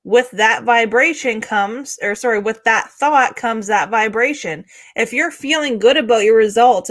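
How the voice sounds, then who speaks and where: Woman podcast co-host, fairly high voice, steady explanatory motivational delivery. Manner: steady, explanatory, many "right?" tags. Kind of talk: casual motivational chat.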